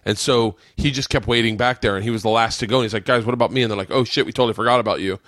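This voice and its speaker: A man's voice: mid-range voice, steady tone, very fast, fairly bright tone, no room sound. Profane, jokey male podcast host, dry sound. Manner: loose, profane, jokey banter. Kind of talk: casual podcast chat.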